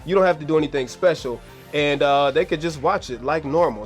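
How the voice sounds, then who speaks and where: A man hosting a casual video editing tutorial, talking slangy and laid-back to his viewers while losing his voice. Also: on the high side. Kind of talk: casual screen-recorded tutorial.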